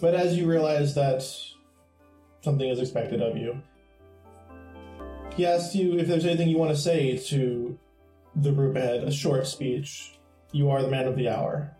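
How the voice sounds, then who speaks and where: A man's voice: mid-range voice, moderate pace, long pauses, warm tone, soft background music. A man narrating a tabletop game as game master, describing scenes in a laid-back way. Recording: echoey room.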